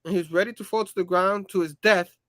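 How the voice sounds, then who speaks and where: A man's voice: sits high, steady tone, fairly quick, fairly bright tone, no room sound. A man hosting a comic book review show, retelling issues casually in a rambling way, with lots of fillers and hummed sound effects.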